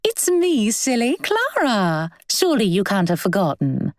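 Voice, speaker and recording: A bubbly, excitable young woman who gushes in breathless chatter, as a woman narrator puts her on. Her voice climbs high and bright, recorded close and dry. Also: a little slow, dry recording. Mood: gushing.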